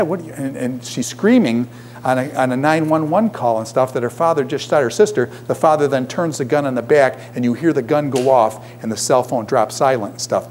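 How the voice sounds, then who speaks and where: A man's voice: medium pitch, darkish tone, slight background noise. A middle-aged man teaching a class, lecturing and constantly posing questions to his students. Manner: poses frequent questions to the class.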